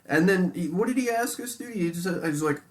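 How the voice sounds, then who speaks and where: A man in casual podcast chat, animated and swearing freely, peppering his talk with "dude". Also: high voice, a little fast. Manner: animated, heavy swearing, says "dude" a lot. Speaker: podcast co-host.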